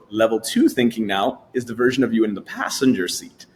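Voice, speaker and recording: A man who is a guest coach, explaining a thinking technique step by step and acting out lively inner voices as examples. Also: mid-range voice, a little fast, few pauses. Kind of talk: explanatory interview talk.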